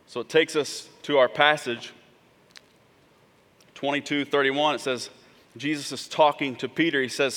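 A man's voice: mid-range voice, fairly even intonation, measured pace, long pauses, a bit bright. A man preaching a sermon as pastor, talking to the congregation in a conversational way and checking in with frequent asides. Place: church sanctuary. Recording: long hall reverb.

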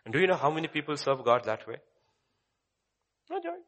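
A male pastor preaching emphatically, swinging between loud exclamations and hushed asides. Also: fairly high pitch, huge pitch swings, brisk, highs cut off. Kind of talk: sermon.

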